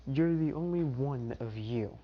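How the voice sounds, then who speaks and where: A man's voice: medium pitch, unhurried, natural voice. A man voicing a confident, protective young male hero who talks in a brash, teasing way, on a dull lo-fi recording.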